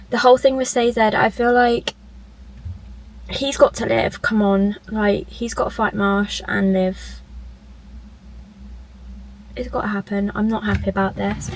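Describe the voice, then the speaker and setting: A woman's voice: mid-range voice, unhurried, a little hiss or hum. A woman vlogging her reactions while reading, chatty and emotional, often exclaiming. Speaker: book vlogger. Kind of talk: casual reading-reaction vlog. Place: at work on a lunch break.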